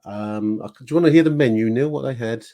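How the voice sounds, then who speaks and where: Chatty older podcast host. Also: male voice, mid-range voice, quick pace, dark tone. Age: 60s. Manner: chatty, laughs often, fumbles foreign words. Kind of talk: casual chat.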